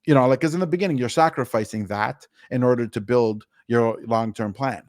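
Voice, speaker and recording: A man's voice: mid-range voice, a little fast, no echo, clean studio sound. A man guest on an interview podcast, giving blunt, down-to-earth money advice with the odd swear word. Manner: blunt, down-to-earth, mildly profane.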